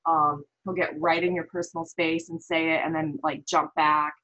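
A woman's voice: low voice, normal speed, muffled recording. A woman from the American Midwest, a guest on an interview show, telling a story animatedly and acting out what others said. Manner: animated, quotes others in lively voices. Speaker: guest, parent.

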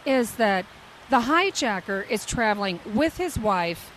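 A woman in her fifties, a longtime flight attendant, telling a story in an interview with lively, dramatic delivery. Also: medium pitch, a little slow, low-quality recording. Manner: lively, dramatic storyteller who acts out quotes.

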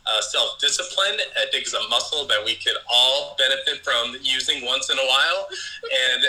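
A young man chatting on a podcast in a dry, deliberate way. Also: mid-range voice, sharp tone, low-quality recording. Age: young adult. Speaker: podcast co-host. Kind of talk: casual chat.

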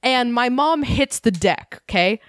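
A young woman in casual chat, telling a lively story full of "like" and swearing. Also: fairly high pitch, measured pace, a crowd in the background. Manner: animated storyteller, heavy "like" filler, swears freely.

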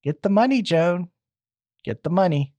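A man's voice: high-pitched, animated, moderate pace, warm tone, highs cut off. A man voicing a cold, menacing husband who gives clipped threats.

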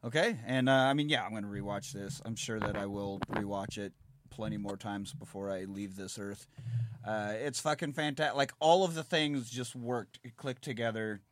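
A man's voice: lowish voice, normal speed. A man hosting a casual movie-rewatch podcast, swearing and laughing through the banter. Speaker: podcast host.

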